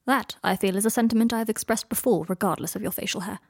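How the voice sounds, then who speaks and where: A woman's voice: mid-range voice, fast talker, slightly rough. A woman reading the lines of a haughty, prickly young wizard man, clipped and stiffly formal.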